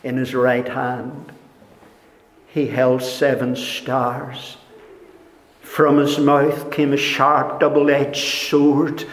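A man preaching a sermon, speaking slowly and deliberately, sinking to hushed tones and rising for emphasis. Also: mid-range voice, little pitch movement. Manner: slow, deliberate preaching, dropping to near-whispers and rising in emphasis. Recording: echoey hall with long reverb.

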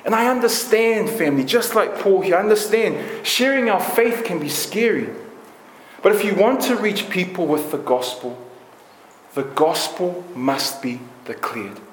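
A man's voice: high-pitched, lively intonation, measured pace, a little hiss or hum. A man preaching a passionate, emphatic sermon, building his points through repeated lists. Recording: echoey room.

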